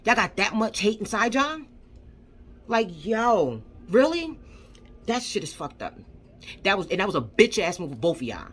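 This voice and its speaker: A woman's voice: mid-range voice, animated, normal speed, fairly bright tone, husky. A woman vlogger ranting angrily, swearing and firing off rhetorical questions with lots of repetition. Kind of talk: angry commentary rant.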